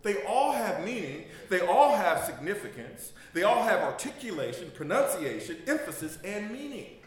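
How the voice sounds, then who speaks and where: A man's voice: high voice, very animated, normal speed. A man preaching a sermon. He jokes, laughs and asks the congregation to fill in the missing words. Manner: joking and laughing. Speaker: pastor. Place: church. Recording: very echoey room. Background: congregation responding.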